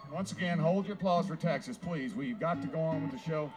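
Guy emceeing a live show, folksy patter, shouts the intros, high bouncy voice, faint guitar behind. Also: brisk. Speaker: show host. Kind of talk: live variety show hosting.

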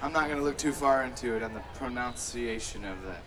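A man's voice: medium pitch, brisk. A man, a singer, chatting loosely and jokingly with a live crowd between songs. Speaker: singer and bandleader. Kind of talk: casual stage banter with a live crowd. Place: concert stage. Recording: live concert audio from far off with loud band.

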